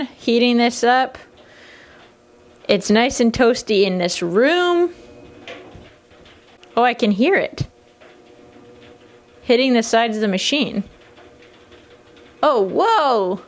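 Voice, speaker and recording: Relaxed woman explaining farm work. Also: a little high, slow, long pauses, reverberant. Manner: relaxed, chatty, explains hands-on work as she goes. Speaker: vlogger. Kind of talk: casual how-to vlog. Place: heated room on her farm.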